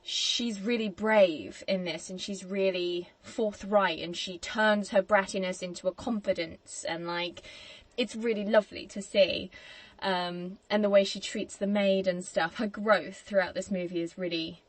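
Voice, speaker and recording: Woman, podcast host, casual film chat, laughs a lot, middle pitch, dry sound. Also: steady tone, unhurried, dry recording. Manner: chatty, laughs often, acts out quotes.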